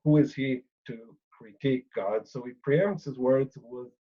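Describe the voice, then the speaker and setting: A man lecturing on a Bible passage, thinking aloud with pauses and fillers and often checking in with "right?". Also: medium pitch, mellow, highs cut off.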